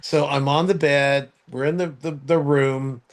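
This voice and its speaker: Speaking at a measured pace in a steady tone, a man hosting a podcast rambles through a story, stopping and restarting with plenty of fillers. Whenever he quotes someone, he shouts their lines in a high voice.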